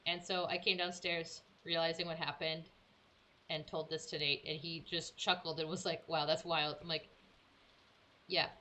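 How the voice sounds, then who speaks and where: A young woman streamer telling a story in casual chat, animated and acting out her own quotes. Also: low voice, normal speed, a little hiss or hum.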